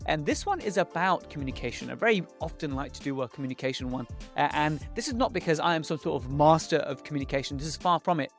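A man's voice: a little high, expressive, quick pace, hardly any pauses. A man who is a dentist hosting a podcast, explaining things in an earnest, reflective way, with faint music behind. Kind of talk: podcast intro and monologue.

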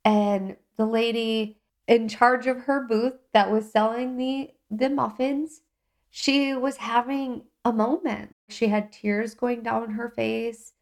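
A woman hosting a self-help podcast, talking in a calm, gently encouraging, reflective way. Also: a little high, takes it slowly. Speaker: podcast host.

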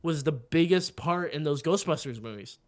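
A man's voice: on the high side, lively intonation, normal speed. A man co-hosting a podcast, ranting in casual chat with heavy profanity. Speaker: podcast co-host.

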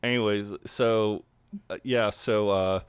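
A man, co-hosting a casual podcast chat, laid-back and quick to swear and laugh. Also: on the low side, steady tone, smooth, no room sound. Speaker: podcast co-host. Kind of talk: casual chat recapping a TV episode.

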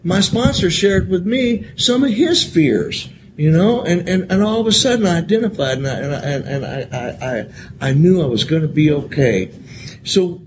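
A man's voice: high-pitched, lively intonation, moderate pace. Man, raised voice, rambling recovery share, lots of swearing, noisy live room. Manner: rambling, repeats words, swears often, says "man". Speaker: convention speaker sharing recovery story. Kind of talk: candid recovery share, profane and emotional. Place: convention hall. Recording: live talk with loud room noise.

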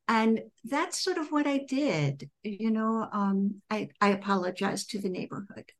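A middle-aged woman, a composer, telling personal stories in an interview and acting out her own past words with lively emphasis. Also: on the high side, a little slow, hardly any pauses. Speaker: composer and author, guest. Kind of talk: conversational interview storytelling.

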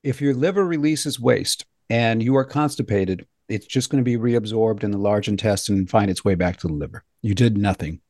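Guy hosting a health podcast, jokey and lively storyteller, dry close sound. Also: lowish voice, a little fast, few pauses, dry recording. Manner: joking, animated storyteller. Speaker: host. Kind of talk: casual storytelling on a health show.

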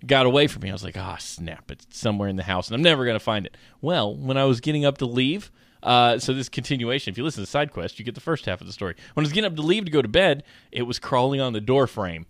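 A man's voice: medium pitch, expressive, fast, no echo. Joking man, dry close sound. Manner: rambling, joking storyteller. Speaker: podcast co-host. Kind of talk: casual chat.

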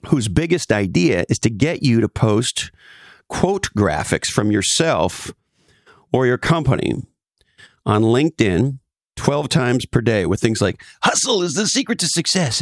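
A man with a gravelly, somewhat low voice delivers a scripted monologue as host. His pitch swings widely as he lands points with wry, sarcastic asides. The sound is dry and close, with no room around it. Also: no echo.

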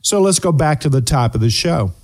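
A man hosting a motivational talk show, coaching listeners earnestly with rhetorical questions and deliberate pauses. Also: fairly high pitch, lively intonation. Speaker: host and performance coach.

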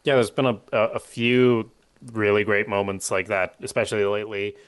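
Low-voiced man recapping with animated reactions. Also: normal speed, smooth. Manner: animated, acts out reactions, swears casually. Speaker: podcast co-host. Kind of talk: casual TV recap chat.

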